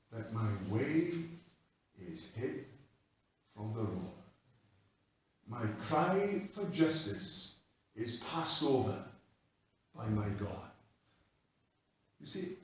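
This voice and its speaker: A man preaches in a chapel, his high voice swinging widely in pitch as he builds to loud, emphatic peaks and falls back to hushed lines. He speaks slowly and deliberately. The recording is heavily echoey and picked up from far off. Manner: rises to loud emphatic peaks, then drops low and quiet. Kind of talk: sermon.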